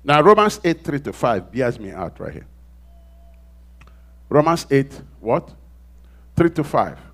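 A man preaching a sermon, dramatically acting out quoted voices and swinging from loud exclamations to hushed asides. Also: medium pitch, big pitch swings, takes it slowly.

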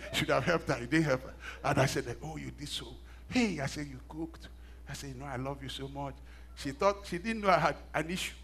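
A middle-aged man preaching a sermon, telling stories with self-mocking laughs and swinging from hushed asides to loud emphatic bursts. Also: fairly high pitch, normal speed, vocal fry, slight background noise. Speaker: pastor.

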